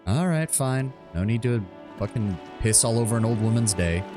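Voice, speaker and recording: A man's voice: mid-range voice, lively intonation, moderate pace. A male streamer casually commenting on a video game in a sardonic, foul-mouthed way. Faint game music sits behind him. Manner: profane, sardonic. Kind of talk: casual gameplay commentary and reading.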